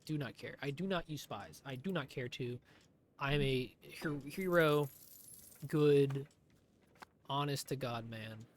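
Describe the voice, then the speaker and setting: A man's voice: mid-range voice, a little slow, pauses often, slight background noise. Sarcastic man streaming a strategy game. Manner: sarcastic, talking to himself, swearing. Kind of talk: live gameplay commentary.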